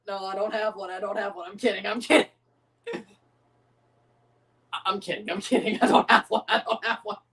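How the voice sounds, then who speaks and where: This livestream host has a high-pitched, slightly bright voice held in a steady tone, speaking a little fast but with long pauses, and he sounds far from the mic. He reacts loosely to a football match in casual watchalong style, laughing often, cursing, and announcing the minutes as they pass.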